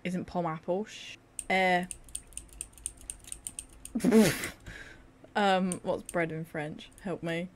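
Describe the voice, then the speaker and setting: A woman's voice: on the low side, steady tone, extremely slow, pauses often, slight background noise. Tired, sarcastic young woman gaming. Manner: sarcastic, joking, self-mocking. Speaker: gaming video creator. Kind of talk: casual gameplay commentary.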